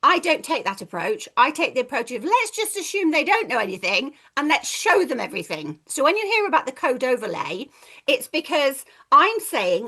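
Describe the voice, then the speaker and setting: A woman's voice: sits high, sharp tone. A woman, a reading teacher, giving a chatty, playful training talk and acting out children's voices. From England.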